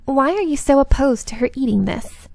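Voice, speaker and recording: A woman voicing a poised lady detective in a visual novel reading, in an oddly pitched put-on voice. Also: lively intonation, moderate pace, creaky, darkish tone, no echo. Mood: cool.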